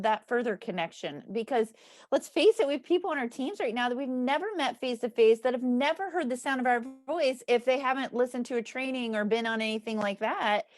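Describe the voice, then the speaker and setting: A woman's voice: fairly high pitch, no echo, clean studio sound. A woman co-hosting a book club, chatting casually, laughing often and trailing off mid-sentence. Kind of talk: casual chat.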